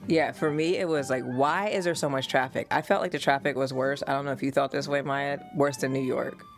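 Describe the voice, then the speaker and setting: Lively storytelling woman host. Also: very deep voice, fairly quick, faint music behind. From United States. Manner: animated storytelling, laughs often. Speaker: podcast host and mother. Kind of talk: casual family conversation.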